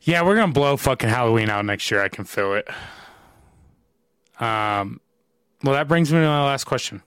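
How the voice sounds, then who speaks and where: A man's voice: mid-range voice, animated, normal speed, fairly bright tone, clear, resonant tone, no echo. A man hosting a casual podcast interview, asking questions loosely, laughing often and swearing freely. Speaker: podcast host.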